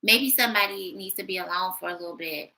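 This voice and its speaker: Woman, tarot reader, casual monologue, blunt and sassy, raspy fry, piercing bright tone. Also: on the low side, fast talker, low-quality recording. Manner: blunt, sassy, thinking aloud.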